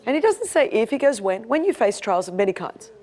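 Passionate Australian woman preacher, high voice. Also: sing-song, brisk. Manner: passionate, emphatic preaching that drops to hushed storytelling. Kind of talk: sermon.

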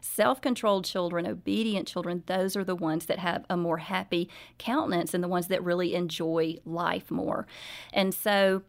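Earnest woman guest, gentle and sincere. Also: lowish voice, steady tone, normal speed, gravelly. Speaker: author and guest. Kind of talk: radio interview, storytelling.

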